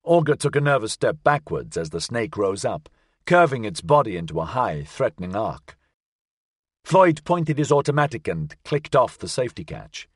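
A man narrating an audiobook in an expressive, measured way. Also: mid-range voice, husky, no room sound, studio quality. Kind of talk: scripted narration.

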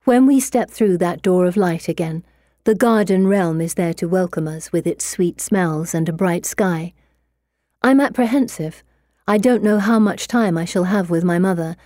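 Mellow-voiced woman narrating a novel. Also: lowish voice, no room sound, clean studio sound. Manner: measured, expressive storytelling. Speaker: audiobook narrator. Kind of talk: first-person novel narration.

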